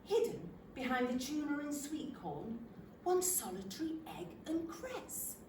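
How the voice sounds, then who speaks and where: An older woman, performing a comic stage monologue in a wry, self-deprecating, expressive manner. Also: sits high, a little slow, background noise. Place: theatre stage. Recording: roomy theatre, from a distant mic.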